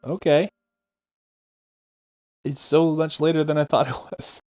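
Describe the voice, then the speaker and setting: A man giving casual, chatty commentary while playing a game, laughing often and throwing in quick asides. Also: fairly high pitch, flat delivery, darkish tone. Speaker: let's-play streamer. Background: game music.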